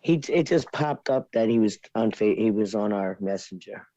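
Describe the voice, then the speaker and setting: A woman's voice: a bass voice, normal speed, dark tone, dry recording, dull audio. A middle-aged woman chatting casually as co-host, making dry, teasing wisecracks. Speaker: co-host, host's mother. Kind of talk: casual chat.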